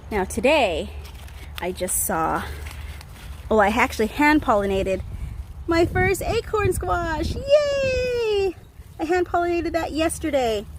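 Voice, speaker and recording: Excitable high-voiced woman touring her garden. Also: a little hiss or hum. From Southern California. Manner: chatty, excitable, laughs often. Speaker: garden vlogger. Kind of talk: casual garden tour vlog. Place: outdoor backyard garden.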